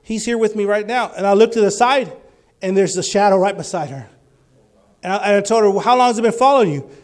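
A male preacher giving a sermon, telling healing stories and rising to loud, fervent exclamations. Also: high voice, quick pace.

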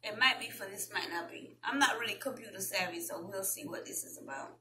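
A woman with a Southern US accent, chatting casually with viewers as a vlogger and reading an article aloud in a slow, deliberate way. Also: mid-range voice, background noise.

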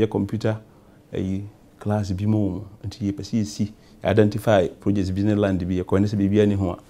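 Ghanaian man, low and gravelly. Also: dark tone. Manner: rambling, repetitive, loose answers. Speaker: member of parliament, guest. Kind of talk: talk show interview, mixing English and Twi.

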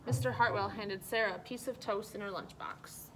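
A woman reading a children's picture book aloud, expressive and paced for young listeners. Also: mid-range voice, moderate pace, slight background noise, rough recording. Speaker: storyteller. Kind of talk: children's story read-aloud.

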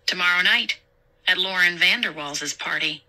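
A woman reading a story aloud as an audiobook narrator in a slow, deliberate manner. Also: lowish voice, sharp tone, rough recording. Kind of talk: scripted narration.

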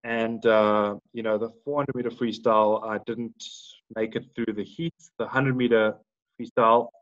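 A man's voice: fairly low pitch, steady tone, normal speed, fairly bright tone. A man in his thirties from South Africa, a podcast guest who talks in a rambling way, full of restarts and fillers. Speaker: guest, former Paralympic swimmer. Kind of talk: casual podcast interview. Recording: dull lo-fi sound.

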